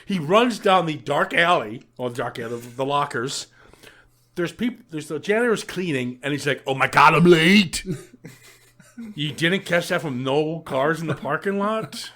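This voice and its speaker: A man's voice: fairly high pitch, lively intonation, normal speed, fairly bright tone. A man on a podcast recapping a film in casual chat, swearing often, laughing a lot and acting out the characters' lines. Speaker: podcast co-host.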